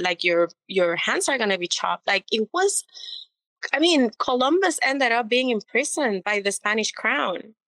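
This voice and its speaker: A woman's voice: mid-range voice, sharp tone, dry recording, low-quality recording. A woman from the Caribbean, a city alderwoman, explaining earnestly as a podcast guest. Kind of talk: casual interview talk.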